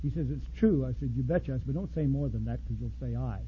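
A man preaching a sermon in a blunt, folksy way, swinging from loud outbursts to soft asides. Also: mid-range voice, quick pace, dull audio, background noise. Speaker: pastor.

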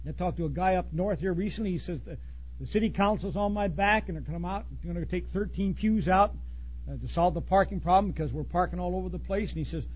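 Blunt folksy preacher guy, high husky voice, gets loud then drops real low, muffled old tape. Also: fast. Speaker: pastor. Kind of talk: sermon.

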